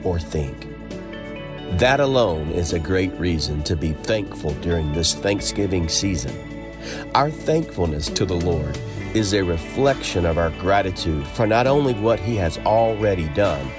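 A man with a very deep voice reads a scripted ministry announcement, and his pitch swings widely. He sounds smooth and earnest, and music plays clearly beneath him. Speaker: program announcer. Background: music bed.

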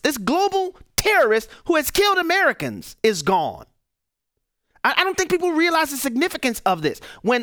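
A man's voice: very high-pitched, sharp tone, no echo, clean studio sound. A man hosting a radio talk show, giving emphatic political commentary and firing off rhetorical questions. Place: radio studio.

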